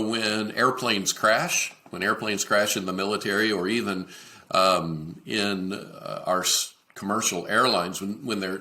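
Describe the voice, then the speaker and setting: Earnest bright-voiced man teaching. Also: low voice. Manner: earnest, encouraging, direct address to listener; many fillers and restarts. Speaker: podcast host. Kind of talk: leadership podcast teaching.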